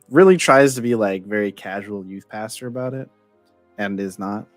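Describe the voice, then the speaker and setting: A man's voice: lowish voice, normal speed, no room sound, soft background music. A young man playing a tabletop game, rambling casually with lots of "like" while describing his character. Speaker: player. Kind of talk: casual tabletop play chat.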